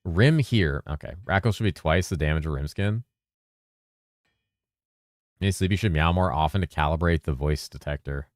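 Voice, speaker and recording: A man's voice: extremely low pitch, normal speed, pauses often, no echo, clean studio sound. A man streaming games, chatting casually in a loose, rambling way, swearing freely and mumbling now and then. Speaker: game streamer. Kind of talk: casual live-stream chat.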